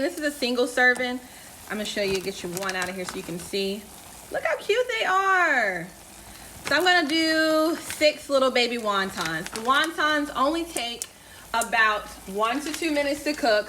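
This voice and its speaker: A woman's voice: on the high side, sharp tone, reverberant, slight background noise. A woman casually demonstrating a recipe in her home kitchen, chatty and playful, talking straight to her viewers. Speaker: home cooking vlogger.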